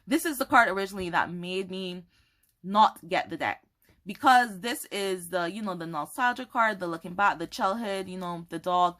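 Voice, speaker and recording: Bright, lively woman vlogger, gushes and laughs while she unboxes, talking straight to camera. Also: medium pitch. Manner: gushing, excitable, apologetic, laughs often. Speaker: tarot content creator. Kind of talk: casual unboxing chat to camera. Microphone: camera mic, holding cards up to camera.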